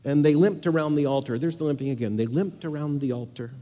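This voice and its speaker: A man delivers a sermon in a somewhat raised pitch, his voice ringing through a large reverberant hall. He presses his points by repeating key phrases and moves between loud, driving declarations and soft, low asides. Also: fast. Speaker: preacher.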